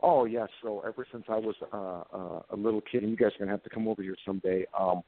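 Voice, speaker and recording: This guest, a police officer in his fifties, talks fast in a fairly low voice with fairly even intonation. Earnest and plain-spoken, he tells conversational anecdotes and gets emotional recalling events; the line sounds tinny, phone-like, and dry.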